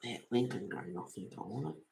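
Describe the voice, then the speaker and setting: Chatty woman, fifty-plus, relaxed livestream host who tells neighbourhood gossip and laughs a lot. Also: a bass voice, a little fast, vocal fry, a little hiss or hum. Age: 50s or older. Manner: gossipy storytelling, laughs often. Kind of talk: casual chat while colouring.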